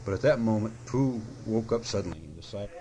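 A man gently reading a children's storybook aloud in a soft, unhurried way. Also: lowish voice, expressive, a little hiss or hum, rough recording. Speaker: narrator.

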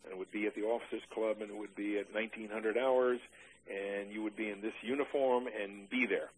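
An older man in an oral history interview, recalling his army days with dry humor and many halting "uh" restarts. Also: lowish voice, steady tone, husky, rough recording.

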